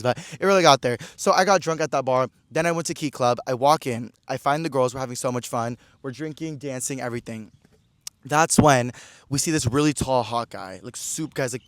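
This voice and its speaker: A man in his twenties hosts a podcast and tells a story in casual, slangy chat peppered with "like." He talks fast in a mid-range voice. The recording is dry.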